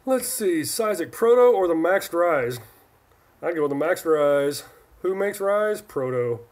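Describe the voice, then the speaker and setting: Chatty man on a live stream, slightly high voice. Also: expressive, measured pace. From Northern California. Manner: rambling, chatty, trails off and restarts mid-sentence. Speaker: livestream host. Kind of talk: casual live-stream chat answering viewer questions.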